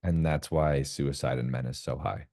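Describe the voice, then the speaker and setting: A man's voice: rumbling low, moderate pace, creaky, mellow. A man, a podcast guest, talking frankly in casual conversation, swearing freely and acting out quoted dialogue in other voices.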